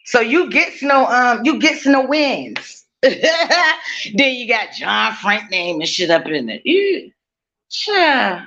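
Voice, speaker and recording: A woman's voice: fairly high pitch, very animated, slow pace, a bit bright, lo-fi sound. A woman hosting a casual livestream from her kitchen, talking bluntly to her chat, swearing freely and laughing often. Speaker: livestream host. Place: home kitchen, cooking while streaming.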